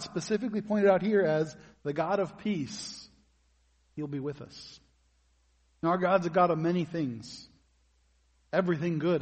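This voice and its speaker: A man's voice: fairly high pitch, husky, long reverb tail. A man preaching a sermon as pastor, in a conversational way that puts questions to his congregation.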